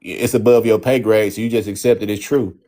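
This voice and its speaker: A man's voice: fairly low pitch, steady tone, a little fast, dark tone. A man talking as a guest in a casual debate chat, rambling with many fillers and restarts. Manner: rambling, hesitant, filler-heavy.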